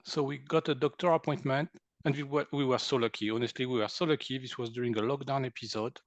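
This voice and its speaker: A French-accented man in his sixties, English being his second language, recounts his experiences as an interview guest. He is animated, laughs often and acts out what people said, with a medium-pitched voice. The sound is close and dry. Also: quick pace, dry recording. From France. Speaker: guest, energy healer. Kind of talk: storytelling interview.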